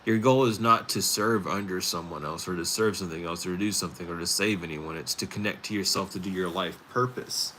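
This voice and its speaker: A man hosting a spiritual talk stream, rambling casually with many fillers and pauses. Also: low-pitched, bright, forceful tone, a little hiss or hum. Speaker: tarot stream host.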